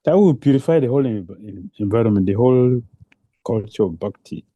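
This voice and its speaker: A man's voice: medium pitch, animated, fairly quick, warm tone, no room sound, dull audio. A man giving a devotional lecture, repeating phrases for emphasis and asking rhetorical questions, in non-native English phrasing. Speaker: preacher.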